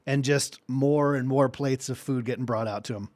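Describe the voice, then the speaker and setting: A man's voice: medium pitch, steady tone, moderate pace, a little mellow, no echo, clean studio sound. A man narrating as game master of a tabletop game, rambling with many fillers.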